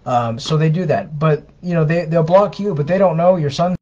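Answering viewer questions as co-host of a live Q&A stream, a man offers advice in a casual, conversational way, frequently using fillers and starting over. His voice is on the high side and a little mellow, at normal speed, and the livestream audio is dull and lo-fi.

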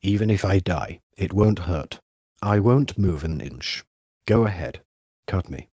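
A man's voice: low voice, lively intonation, a little slow, mellow, dry recording, clean studio sound, heavily acted. A man voicing a defiant frail countess. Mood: resigned. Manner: defiant, stubborn. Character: proud frail noblewoman facing surgery.

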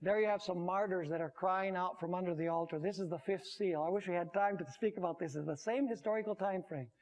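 A man's voice: high-pitched, quick pace, a little mellow. A man, a pastor, preaching a sermon, rising sharply on key words and asking the audience questions.

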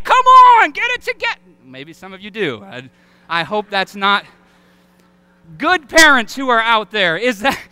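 A male preacher with a Southern accent delivers an animated sermon, often slipping into acted-out voices. His voice sits high and is strikingly bright and smooth. The sound is close and dry. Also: no echo. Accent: Southern American. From Alabama. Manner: animated, acts out quoted voices and shouts. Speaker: pastor. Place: church sanctuary.

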